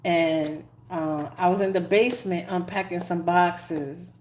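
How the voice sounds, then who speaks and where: Animated New woman telling stories. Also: on the low side, unhurried, a little hiss or hum. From New York. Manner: animated storyteller, laughs often, dramatic asides. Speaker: tarot reader. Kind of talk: casual live-stream chat.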